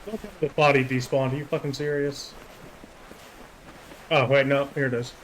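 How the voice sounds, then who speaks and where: A man's voice: medium pitch, steady tone, moderate pace, slight background noise, poor audio. A man casually chatting with friends while streaming a game, swearing and grumbling often. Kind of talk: casual gaming stream chat.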